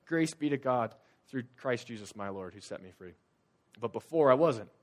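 A young man delivering a sermon with a voice of ordinary, mid-range pitch for a man. He preaches like he is telling stories to friends, casual and loose. His delivery swings from loud, urgent bursts down to hushed, low confiding. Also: lively intonation, normal speed. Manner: conversational storytelling with casual fillers.

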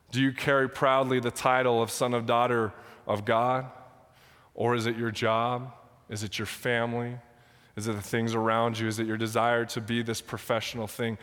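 A man's voice: medium pitch, a bit bright. Young male pastor, passionate sermon and prayer, on the verge of tears, recorded in a reverberant sanctuary. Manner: passionate, emotional, near tears. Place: church sanctuary. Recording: long hall reverb.

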